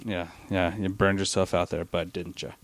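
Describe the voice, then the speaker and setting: A man in a casual podcast chat, teasing and wry, pausing on fillers. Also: sits low, little pitch movement.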